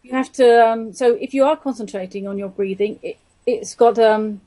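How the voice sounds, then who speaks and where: Female guest, chatty and agreeable, slightly higher voice. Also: moderate pace, warm tone. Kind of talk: conversational interview.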